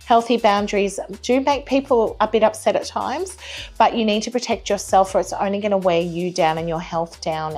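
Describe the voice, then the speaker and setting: Gentle woman doing live tarot. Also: fairly low pitch. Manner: apologetic, reassuring, gently chatty. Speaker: tarot reader.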